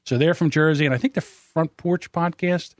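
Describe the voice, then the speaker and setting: A man's voice: on the high side, normal speed, dry recording, clean studio sound. A man in his fifties hosting a podcast in casual chat, telling stories with lots of animation and acting out what other people said. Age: 50s. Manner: animated storyteller, acts out others' lines. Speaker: podcast host.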